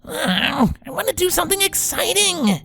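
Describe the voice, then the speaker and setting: A woman's voice: fairly high pitch, sing-song, a little fast, a bit bright, soft background music, pitched above the performer's own voice. Woman doing a cocky tomboy pegasus girl. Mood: bored. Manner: brash, casual, teasing. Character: brash tomboyish young female pegasus, cocky. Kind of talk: fan fiction reading.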